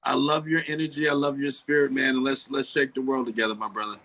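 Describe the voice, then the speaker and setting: A man's voice: mid-range voice, flat delivery, quick pace, vocal fry, pushed and bright, no room sound, poor audio. A man hosting a show, interviewing a guest in an upbeat, friendly way. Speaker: show host. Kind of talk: casual interview.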